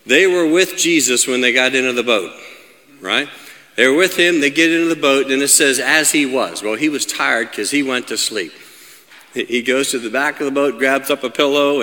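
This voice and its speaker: Energetic preacher in an echoey hall. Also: male voice, mid-range voice. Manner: builds from calm reading to loud emphatic preaching, asks "right?" often. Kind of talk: sermon.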